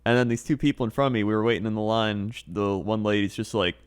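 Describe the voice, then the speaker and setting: A man's voice: lowish voice, steady tone, quick pace, few pauses, smooth. A man co-hosting a podcast, telling everyday stories in casual chat and mimicking the people in them. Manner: storytelling, mimicking people he describes. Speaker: podcast co-host.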